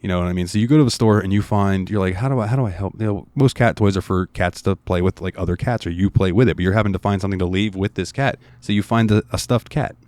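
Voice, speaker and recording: A man's voice: sits low, quick pace, few pauses, a little mellow, clear, resonant tone, no room sound. A man co-hosting a casual podcast, rambling through a game's story with lots of fillers. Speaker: podcast co-host.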